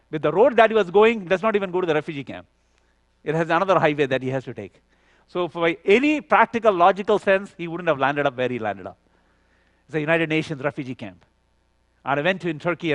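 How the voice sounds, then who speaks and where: A man preaching at a youth conference, telling a story with lively acted dialogue and frequent "you know". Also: a little high, dry recording. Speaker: conference speaker. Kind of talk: sermon storytelling.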